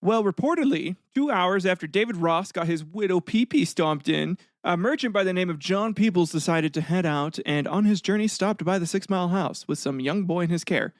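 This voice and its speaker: A male podcast host narrating history in a loose, joking way that turns blunt and profane. His voice sits a bit high for a man. It sounds close-miked and dry, with no room around it. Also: moderate pace, few pauses, dry recording. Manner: jokey and blunt, swears freely; frequent fillers and throat clearing.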